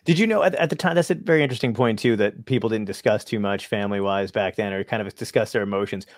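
A man's voice: lowish voice, quick pace, no room sound, studio quality. A man hosting an interview, asking chatty questions and laughing along with his guest. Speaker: podcast host. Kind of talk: interview chat.

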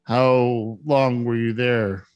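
A man's voice: mid-range voice, fairly even intonation, very slow, darkish tone, smooth, no echo, soft background music. A man voicing a city guard who questions people in a businesslike way. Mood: questioning. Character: brusque city guard man, official and probing.

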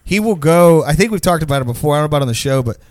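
Young guy cussing his way thru a story, super lively up and down voice, dead dry sound. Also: on the high side, racing, no room sound. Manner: rambling, profane storytelling with lots of "like". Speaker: podcast co-host. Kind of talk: casual chat.

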